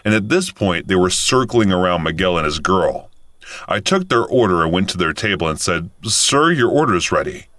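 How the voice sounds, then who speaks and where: A man in his thirties narrates a scripted first-person story. His voice is deep, and his intonation rises and falls a lot. He keeps a calm, matter-of-fact delivery. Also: normal speed, no room sound, studio quality. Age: 30s.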